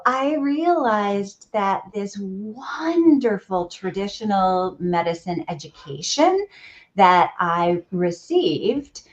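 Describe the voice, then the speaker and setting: A middle-aged woman physician, a guest in a conversational interview, explains things in an emphatic, earnest way. Her mid-range voice is very animated yet slow-paced, and the audio is dull and lo-fi.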